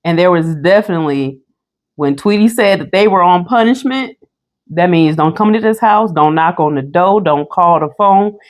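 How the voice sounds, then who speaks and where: A woman's voice: on the low side, moderate pace. A woman co-hosting a casual couch chat, telling stories and chiming in with short affirmations. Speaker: co-host.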